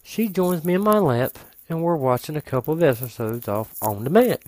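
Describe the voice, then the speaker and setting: Man telling an animated comic story. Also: a little high, moderate pace, no room sound. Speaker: comedian.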